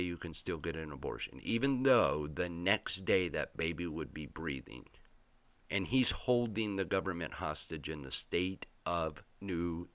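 A man with a very low voice delivers a ranting commentary, sarcastic and mocking in tone. The recording is close and dry, with little room sound. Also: a bit bright, no room sound. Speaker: political commentary host.

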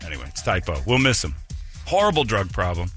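Lively joking male radio host. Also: low voice, quick pace, faint music behind. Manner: joking, laughs often, breaks into impressions. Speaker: radio morning show host. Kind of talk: casual radio banter. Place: radio studio. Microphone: studio microphone.

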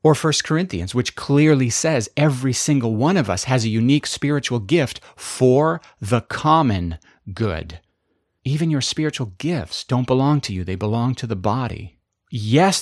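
A man's voice: mid-range voice, darkish tone, dry recording, clean studio sound. A man preaching a sermon with impassioned, emphatic repetition. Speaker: pastor.

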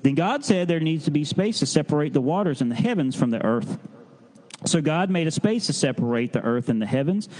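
A man leading children's time in a church service, telling a Bible story in a folksy, halting way and coaxing the kids to call out answers. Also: a little high, a little mellow. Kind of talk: children's sermon.

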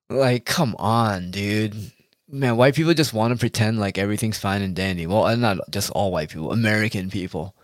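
Low-voiced man ranting with profanity. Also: moderate pace, dry recording, clean studio sound. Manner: profane, rambling, heated. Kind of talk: casual ranting monologue.

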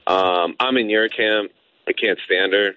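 A man calling into a radio show, nervous and halting, speaking over the phone. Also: on the low side, steady tone, smooth, dry recording. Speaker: caller. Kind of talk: phone-in chat. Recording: tinny phone line.

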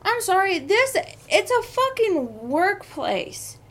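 Her voice is very high and sing-song, fairly bright, and she takes her time. This young woman podcast host is venting about a workplace clash in a casual storytelling monologue, swearing heavily and sounding heated.

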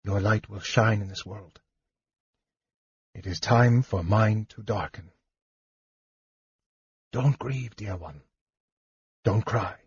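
A man voicing a grave, noble knight who speaks softly and low, resigned and tender, in an audiobook. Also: normal speed, breathy edge, no room sound, highs cut off. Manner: soft, low, hushed. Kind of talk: audiobook character voice.

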